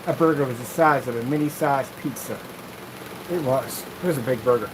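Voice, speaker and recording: A man rambling through a casual vlog while testing projection screen paint, animated, jokey and full of tangents. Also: mid-range voice, fairly quick, background noise.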